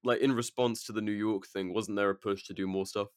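A man's voice: lowish voice, steady tone, fairly quick, clear, resonant tone, no room sound, studio quality. A man hosting a podcast, talking bluntly and cursing freely in casual conversation. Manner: blunt and profane, trails off. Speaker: podcast host. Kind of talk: casual chat.

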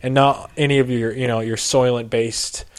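A man's voice: mid-range voice, little pitch movement, moderate pace, clear, resonant tone. A man who is a stand-up comedian, a guest on a podcast, riffing on absurd bits in casual banter and laughing often.

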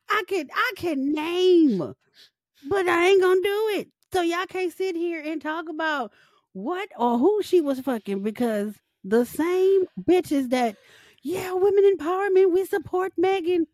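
A young woman co-hosting a podcast, with a high voice that leaps around as she rants. She roasts people with nonstop profanity and laughter. Her voice sounds close and dry. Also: expressive, unhurried, no room sound. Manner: loud, profane, joking and ranting. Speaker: podcast co-host. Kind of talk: casual chat.

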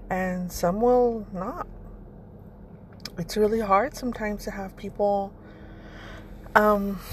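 A woman's voice: mid-range voice, slight background noise. A woman hosting a casual motivational monologue, blunt and rambling, swearing freely as she talks. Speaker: podcast host.

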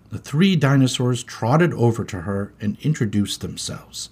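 Animated, husky-voiced male storyteller. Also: medium pitch, a little slow, hardly any pauses. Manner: expressive, animated. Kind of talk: storybook read-aloud.

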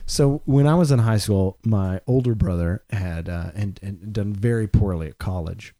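A man's voice: on the low side, moderate pace, mellow. A young adult man, a podcast co-host, telling a long rambling anecdote in casual chat and laughing as he goes. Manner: rambling anecdote teller, laughs mid-sentence.

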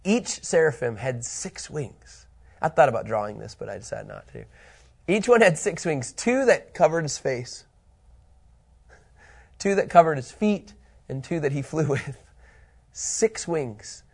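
Guy teaching bible study, kinda high voice, gets really fired up reading scripture. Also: measured pace, vocal fry, pauses often, husky. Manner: animated, emphatic, reads scripture aloud with rising intensity.

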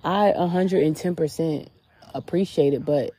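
A woman with a low, mellow voice talks through a casual spiritual reflection. She speaks candidly and chattily, her sentences full of "like" fillers. She is recording outdoors at a beach. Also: moderate pace, husky, dry recording. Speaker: podcast host.

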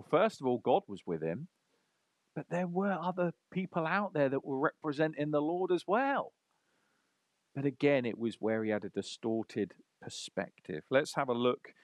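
A man's voice: medium pitch, dry recording. Dynamic male preacher, dry sound. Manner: dynamic, swinging from loud emphasis to hushed near-whisper. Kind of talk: sermon.

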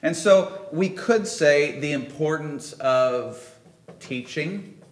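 A man's voice: mid-range voice, slight background noise. A man preaching a sermon in a church, talking conversationally and checking in with the congregation. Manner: conversational, emphatic, asks the audience questions. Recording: roomy church echo.

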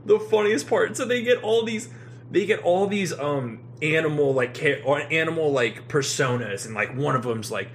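A young man co-hosting a casual podcast chat, excitable and swearing freely. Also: on the high side, normal speed, a little hiss or hum. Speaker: podcast co-host.

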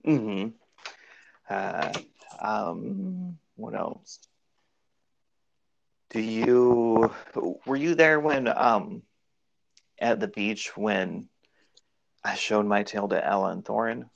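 A podcast host chats casually, relaxed and rambling as he recalls shared memories aloud. His low voice has vocal fry and drawn-out words, he pauses often, and the sound is lo-fi.

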